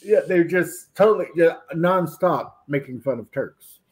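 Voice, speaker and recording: Brief: male guest voice, higher pitch, wry joker. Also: expressive, unhurried. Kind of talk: casual chat.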